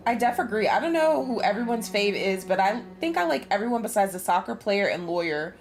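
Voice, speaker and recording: A woman's voice: mid-range voice, very animated, a little fast. A woman streaming a game, chatting casually with frequent laughs and free swearing. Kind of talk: casual gameplay commentary.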